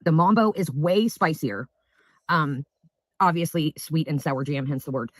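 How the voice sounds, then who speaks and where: A man's voice: a little high, unhurried, fairly bright tone, no echo. A man in a casual home vlog, rambling chattily while tasting food. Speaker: food vlogger.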